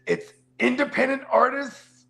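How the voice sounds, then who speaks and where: Gravelly Bay man hosting a podcast. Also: very high-pitched, unhurried, fairly bright tone. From San Francisco Bay Area. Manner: loose, profane, rambling with many fillers. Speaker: podcast host. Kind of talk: casual podcast chat.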